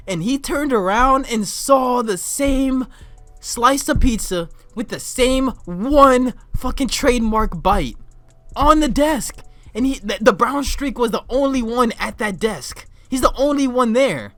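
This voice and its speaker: A young man telling a story as a casual vlog rant. He talks excitably, swears a lot and often breaks into shouts and laughter. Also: extremely high pitch, unhurried, no echo, faint music behind. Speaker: vlogger.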